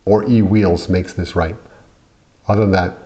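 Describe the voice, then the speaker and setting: A man's voice: deep voice, fairly even intonation, measured pace, warm tone. A middle-aged man from the United States, irritated and rambling as he complains in a vlog, with many restarts. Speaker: vlogger.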